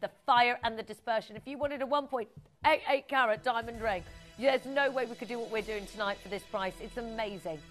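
A woman's voice: a little high, a bit bright. A woman presenting a live TV shopping show, gushing and exclamatory as she chats with viewers while selling jewelry.

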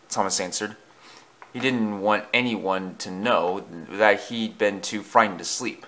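A man reading a children's story aloud as a narrator, in a hushed, suspenseful way. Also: lowish voice, fairly even intonation, measured pace.

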